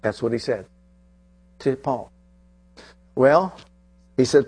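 A man preaching a sermon with passion, swinging between loud bursts and hushed, drawn-out lines. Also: medium pitch, animated, vocal fry, slightly rough.

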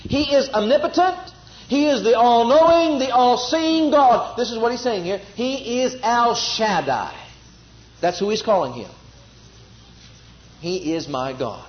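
A man's voice: very high-pitched, animated, measured pace, highs cut off. A man preaching a sermon, repeating phrases with emphasis and leading the congregation in spoken responses.

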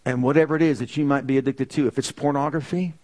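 A man's voice: medium pitch, fairly even intonation, a little mellow. A man preaching a sermon in church, leading the congregation to repeat lines after him, stretching out phrases for emphasis. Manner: leads the congregation in call-and-response, drawn-out emphatic phrases.

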